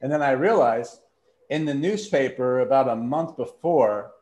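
A man's voice: medium pitch, moderate pace, darkish tone. Chatty man telling stories in a roomy space. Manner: rambling anecdotes with quoted voices and laughter. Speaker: podcast guest, TV writer and showrunner. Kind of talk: casual storytelling chat. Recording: roomy echo.

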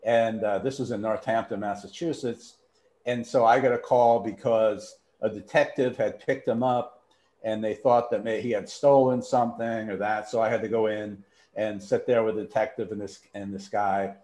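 A man spinning loose, rambling stories in a relaxed conversation, slipping into the voices of the people in them. His voice rings with a noticeable room echo. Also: fairly low pitch, normal speed. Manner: rambling anecdotes with quoted voices and laughter. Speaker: podcast guest, TV writer and showrunner. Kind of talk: casual storytelling chat. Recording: roomy echo.

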